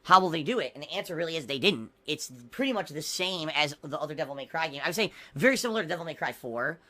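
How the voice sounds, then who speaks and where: Streamer guy ranting at his chat, tense bright voice, bit high pitched, swears a lot. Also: expressive, fast. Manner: indignant, swearing, repetitive. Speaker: game streamer. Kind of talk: livestream rant.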